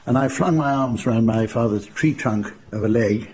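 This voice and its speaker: An older man from England telling wry, dry family anecdotes in an unhurried storytelling style. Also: medium pitch, a little mellow. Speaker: raconteur. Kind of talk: anecdotal storytelling to a live audience.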